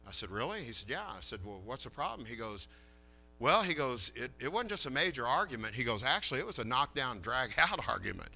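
A man's voice: medium pitch, big pitch swings, a little fast, creaky, sharp tone, slight background noise. A man preaching a sermon in a folksy, chatty way, telling a story and acting out the dialogue.

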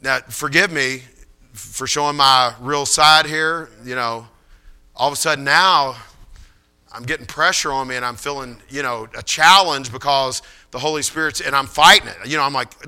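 A man preaching, spinning a personal story with animated, conversational energy. His voice is very bright and ringing, smooth and clean, sitting a touch high for a man. He restarts phrases and repeats himself as he builds the tale. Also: moderate pace. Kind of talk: sermon storytelling.

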